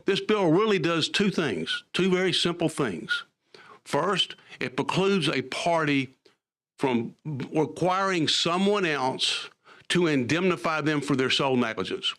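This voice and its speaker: A man's voice: a little high, animated, unhurried, a bit bright. A man, a lawyer giving formal testimony at a committee hearing and explaining emphatically.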